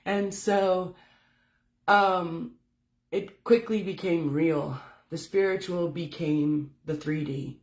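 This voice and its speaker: A woman's voice: low voice, slow pace, a little mellow. Candid, swearing woman telling her story. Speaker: spiritual speaker. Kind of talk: casual livestream talk. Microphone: phone.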